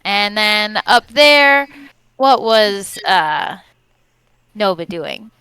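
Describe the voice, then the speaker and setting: Woman player, hesitant recap delivery, crisp bright tone. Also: medium pitch, expressive, drawn-out words, no room sound, poor audio. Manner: hesitant, unsure of names. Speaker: player giving a session recap. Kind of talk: casual recap.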